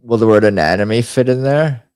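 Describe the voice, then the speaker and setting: A man's voice: medium pitch, a little fast, darkish tone, clear, resonant tone, no echo. A man hosting a casual livestream, rambling and muttering to himself as he types up a poll. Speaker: host.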